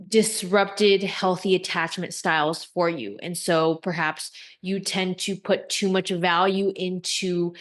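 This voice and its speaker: A woman coach giving dating advice to camera, high-energy and eccentric, with deliberate, emphatic delivery. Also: fairly even intonation.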